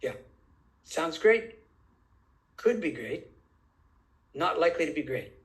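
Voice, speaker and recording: A man with a somewhat high voice for his sex, talking as a guest in a conversational interview. He is insistent and emphatic, and he leans on rhetorical questions. He slows down to stretch out key phrases. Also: animated, rough recording. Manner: deliberate, drawn-out phrasing.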